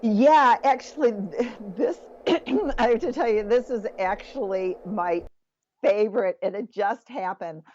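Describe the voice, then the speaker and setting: A woman's voice: mid-range voice, slow, a little mellow, a little hiss or hum. A woman guest on an interview, talking enthusiastically and telling success stories. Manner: enthusiastic, storytelling. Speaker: guest, self-help author. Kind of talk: casual interview chat. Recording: slightly dull lo-fi audio.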